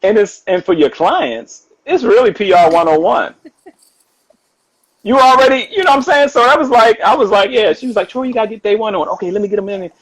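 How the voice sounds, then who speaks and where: A man talking casually on a live stream as a guest author, animated and quick to laugh, often repeating himself. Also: high-pitched, low-quality recording. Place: home. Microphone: phone or video call.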